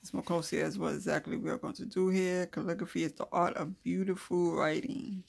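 Eine gravelly, slightly rough voice leads a relaxed calligraphy lesson. The host reads from notes, then drifts into loose, chatty asides and quiet mumbling while drawing letters. The delivery stays unhurried and homespun throughout. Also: mid-range voice. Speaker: craft video host. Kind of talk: casual calligraphy tutorial.

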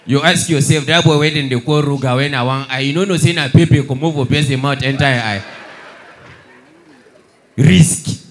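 A young Nigerian man doing stand-up comedy, mixing Pidgin and English and shouting his punchlines. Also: medium pitch, moderate pace, long pauses.

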